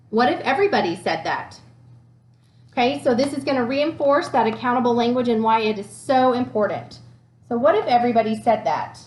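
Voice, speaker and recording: A woman teacher giving a lesson and reading a picture book aloud with lively expression and frequent fillers. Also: a little high. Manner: animated storyteller who reads with many fillers. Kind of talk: classroom read-aloud and lesson. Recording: echoey room.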